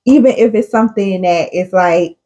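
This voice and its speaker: A woman's voice: medium pitch, normal speed, mellow. A woman co-hosting a casual chat podcast, talking earnestly and effusively and laughing often. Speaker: podcast co-host.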